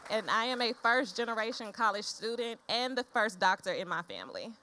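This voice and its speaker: A woman's voice: on the high side, animated, a little fast, a loud crowd, heavy background noise. A woman from Tennessee introducing herself on a panel as a researcher, speaking with pride.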